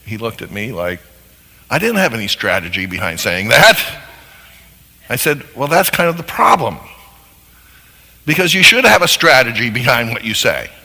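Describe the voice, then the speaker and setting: A man teaching on marriage as a counselor, sermon style, animated and acting out little scenes in different voices. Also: medium pitch, normal speed, pauses often. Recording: long hall reverb.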